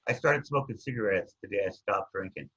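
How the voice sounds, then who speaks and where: A man with a husky voice casually telling his recovery story, rambling and looping back with "anyways", on a dull lo-fi recording. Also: lowish voice, a little fast, fairly bright tone. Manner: rambling, keeps saying anyways.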